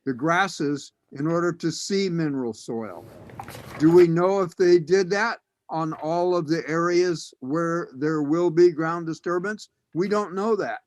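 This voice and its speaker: A man on a county commission picks apart a report with one sharp question after another. His voice sits a touch high, and he keeps the tone of a public meeting. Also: measured pace, no echo. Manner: questioning, skeptical. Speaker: archaeologist commissioner.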